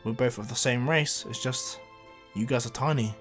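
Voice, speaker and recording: A confident male hero fighter who lays down the law in a calm, firm way, done by a man in his own range. His delivery is loud and assured, with faint music behind. It is told as a casual fan retelling. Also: mid-range voice, normal speed, close to an everyday voice.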